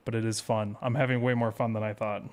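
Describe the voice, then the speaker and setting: Smooth-voiced man chatting with stream viewers. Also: on the low side, level tone, fast, a little mellow. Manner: rambling, self-deprecating, reads chat aloud. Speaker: speedrun streamer. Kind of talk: casual live-stream chat with viewers.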